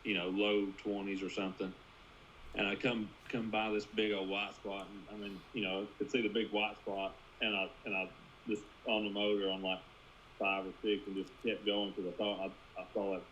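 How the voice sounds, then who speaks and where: A man's voice: lowish voice, flat delivery, normal speed, fairly bright tone, dull audio, a little hiss or hum. A man, a guest angler, recounting a tournament in a laid-back, rambling way. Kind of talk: casual chat.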